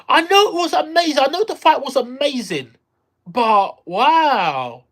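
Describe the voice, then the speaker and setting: An excitable streamer reacts live to gameplay, voice leaping up and down with a bright, forceful edge. They repeat themselves and burst into exclamations. Casual live-stream chatter throughout. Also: high voice, unhurried.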